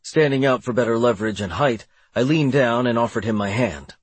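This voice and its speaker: A man reads a first-person audiobook with a wry, sardonic delivery. His voice sits at an average pitch with a husky texture, and the recording is dry and close. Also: brisk, no room sound. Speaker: audiobook narrator.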